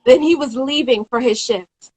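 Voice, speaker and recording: A young woman in her twenties, an interview guest telling a story in a casual live-stream chat over a phone or video call, animated and quick to act out the people she describes. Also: high-pitched, slightly rough, rough recording.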